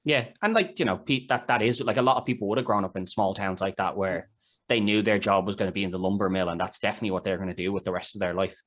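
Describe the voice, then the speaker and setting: A fast-talking man with a deep, fairly bright voice co-hosts a podcast. In a loose, rambling film review chat, he walks through scenes from the movie. The recording sounds dull and lo-fi.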